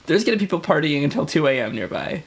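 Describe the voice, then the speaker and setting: A man with a voice pitched a little above average chats casually as a podcast co-host. He laughs easily and teases his partner. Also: big pitch swings, rapid-fire. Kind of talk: casual chat.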